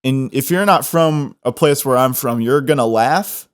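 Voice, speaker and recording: A man's voice: medium pitch, unhurried, smooth. A young man from the Midwest with a faint Southern twang, hosting a podcast in a loose, joking, rambling style full of restarts. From American Midwest. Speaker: podcast host. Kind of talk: casual solo podcast chat.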